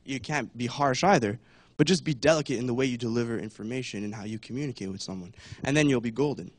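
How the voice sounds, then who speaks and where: A man's voice: medium pitch, quick pace, no room sound. A young man giving a casual talk at church, chatty, with many fillers, and acting out voices now and then. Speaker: church speaker.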